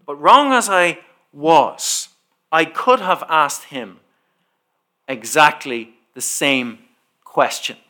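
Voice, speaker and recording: A man's voice: fairly high pitch, takes it slowly, pauses often. A man preaching a sermon, telling a personal story and acting out the dialogue as he goes. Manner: animated storyteller who acts out the dialogue.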